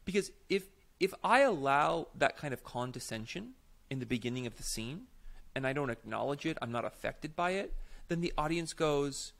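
Gravelly man explaining improv. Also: on the high side, lively intonation, normal speed, a bit bright. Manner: explanatory, emphatic. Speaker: podcast co-host, improv teacher. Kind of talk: casual chat.

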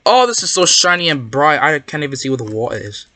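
A gamer giving excitable, rambling commentary while playing, yelping and protesting whenever a trick fools them. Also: medium pitch, fast talker, no room sound. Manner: excitable, yelps and protests when fooled; rambling, self-correcting. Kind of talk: Minecraft gameplay commentary.

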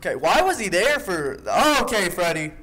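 Jumpy young man, bright voice. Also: sits high, sing-song, moderate pace. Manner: jumpy and jokey, talking to the animatronics. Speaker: gaming YouTuber. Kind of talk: horror game let's play commentary. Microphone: desk microphone.

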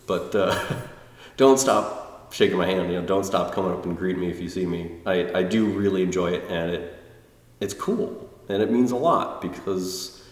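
A man's voice: deep voice, steady tone, moderate pace. A man casually reviewing a tai chi workshop, rambling and self-deprecating, with frequent restarts. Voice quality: quiet, introverted. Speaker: tai chi video blogger. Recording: roomy, distant mic with long reverb.

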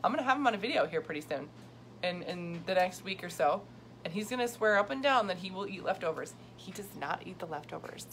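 A woman's voice: fairly low pitch, animated, brisk, a bit bright. A middle-aged woman chatting casually and upbeat with viewers on a live video, laughing often as a health coach. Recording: faint background noise.

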